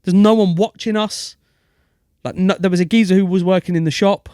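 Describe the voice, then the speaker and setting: A man with a London accent, co-hosting a podcast and telling stories in a slangy, animated way. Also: sits high, a little fast, dry recording, studio quality. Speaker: podcast co-host. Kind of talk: casual chat, storytelling.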